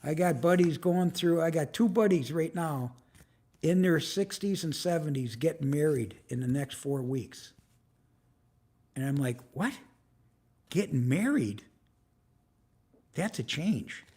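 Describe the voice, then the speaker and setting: Slow, gravelly older man chatting live. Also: fairly high pitch, warm tone. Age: 70s. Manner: rambling and frustrated, swears freely; greets viewers in the chat by name. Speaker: live stream host. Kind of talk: casual live-stream chat. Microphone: phone or camera on a tripod.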